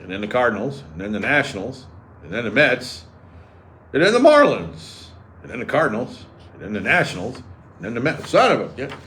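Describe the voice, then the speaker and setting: A man's voice: mid-range voice, brisk. A man hosting a sports radio show, riffing and joking sarcastically in casual banter. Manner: animated, sarcastic, riffing jokes. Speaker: radio host.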